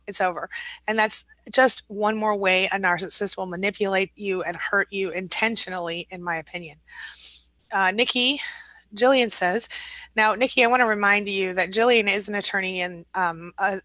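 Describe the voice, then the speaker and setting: Bright-voiced woman reading live comments. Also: mid-range voice, no room sound. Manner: warm, sympathetic, reassuring. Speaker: host, relationship recovery coach. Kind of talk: live stream, reading viewer comments aloud.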